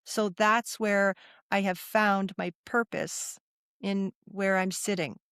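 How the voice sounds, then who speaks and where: A woman's voice: mid-range voice, steady tone, slow pace, fairly bright tone, clear, resonant tone, dry recording, studio quality. A middle-aged woman sharing a personal story as a podcast guest, earnest and repeating phrases for emphasis.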